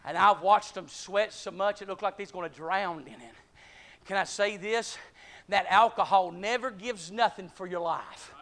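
A man preaching a sermon, calling out to the congregation and climbing to shouted peaks, short of breath at times. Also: sits high, moderate pace. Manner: call-and-response, rising to shouting peaks.

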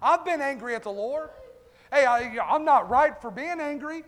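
Fervent high-voiced preacher in echoey church. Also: male voice, animated, normal speed, a bit bright. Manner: fervent, calls out congregation members by name. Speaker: pastor. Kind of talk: revival-style sermon. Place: church sanctuary.

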